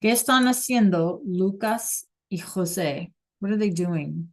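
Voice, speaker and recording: A woman teaches a Spanish lesson over a video call. She talks unhurriedly and patiently, pausing to ask her students if they follow. Her voice sits at a middling pitch. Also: expressive. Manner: patient, checks in often with "right?" and "okay?". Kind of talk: online class teaching.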